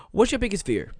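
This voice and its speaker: A man's voice: fairly low pitch, no room sound. A man with features, interviewing a guest in a playful, teasing podcast chat. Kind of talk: casual chat.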